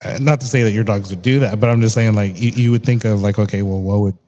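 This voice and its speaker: A man's voice: on the low side, fairly even intonation, fast talker, dark tone, lo-fi sound, slight background noise. A young man hosting a casual interview, chatty and rambling, laughing often. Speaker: podcast host.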